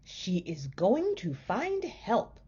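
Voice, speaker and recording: A blustering storybook husband who barks orders in a loud, bossy way, as a woman reads his part aloud. He sounds sure of himself even when he is not. The voice is husky and the recording is muffled and lo-fi. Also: mid-range voice, drawn-out words, voice pushed up, exaggerated voice. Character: blustering middle-aged husband, falsely confident.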